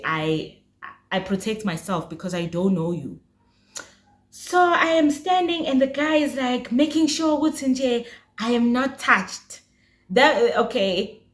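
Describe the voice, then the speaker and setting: Woman, casual storytime, chatty, animated, roomy echo. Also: mid-range voice. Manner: chatty, animated, addresses viewers. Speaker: vlogger.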